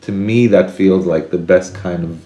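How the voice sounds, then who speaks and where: A man in a reflective, casual conversation, speaking earnestly and now and then acting out inner voices in sudden higher bursts. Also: fairly even intonation, moderate pace, dark tone, echoey room.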